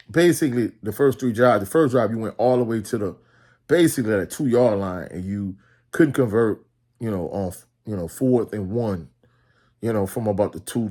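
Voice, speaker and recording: A man's voice: on the low side, darkish tone. A man giving a blunt, casual postgame reaction to a football game, with many "you know" fillers. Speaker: sports commentator.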